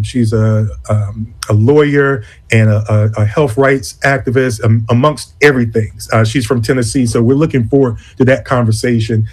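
A man of medium pitch speaks as a conference executive director in an interview. He talks deliberately and earnestly, often stopping to restart a phrase. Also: darkish tone. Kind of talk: interview conversation.

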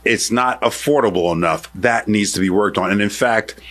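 A radio interview host speaks at normal speed in a fairly low, somewhat bright voice. He argues emphatically, building his case through lists.

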